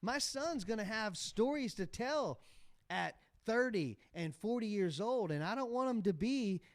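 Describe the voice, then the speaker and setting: A man in his forties, a podcast guest telling candid stories in casual interview talk and growing animated as he recalls events. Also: high voice, unhurried, dry recording, clean studio sound. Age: 40s. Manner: candid storytelling, animated when retelling a scene. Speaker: podcast guest, motocross team owner.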